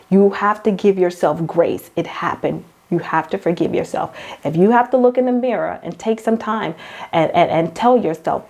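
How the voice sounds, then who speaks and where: A woman hosts a motivational faith talk in a lower-pitched voice. She coaches the listener directly, circling back to the same phrases and calling her girl and hon. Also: dark tone. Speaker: host.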